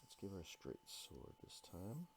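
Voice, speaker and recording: A man's voice: low voice, huge pitch swings, normal speed, noisy background. A man talking through his drawing process in real time, thinking aloud and making self-critical asides as he sketches. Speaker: artist drawing a live tutorial. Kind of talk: unscripted drawing commentary.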